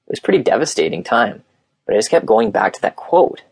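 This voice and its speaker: A man's voice: lowish voice, sing-song, fast talker, gravelly, slightly rough, dry recording, heavily acted. A man voicing a sincere young man who survived cancer, speaking in an earnest, heartfelt way.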